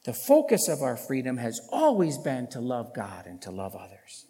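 A man's voice: medium pitch, huge pitch swings, normal speed, dark tone, in a large hall. A man preaching a sermon as a pastor, emphatic, with rhetorical questions and bursts of force on key points.

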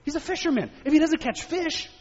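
A male preacher giving a sermon, telling stories and asking animated rhetorical questions. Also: extremely high pitch, fairly quick. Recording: echoey hall, dull lo-fi sound.

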